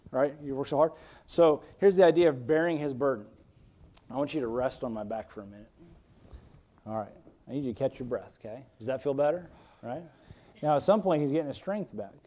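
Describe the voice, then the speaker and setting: Earnest male pastor preaching a sermon. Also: fairly high pitch. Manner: earnest and conversational, swinging from emphatic bursts to quiet asides. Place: church sanctuary.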